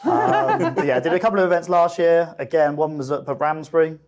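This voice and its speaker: A man's voice: a little high, big pitch swings, a little fast, darkish tone. A man in his thirties, a guest from the company, chatting casually with self-deprecating humour. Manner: easygoing, self-deprecating, chuckling. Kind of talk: casual chat.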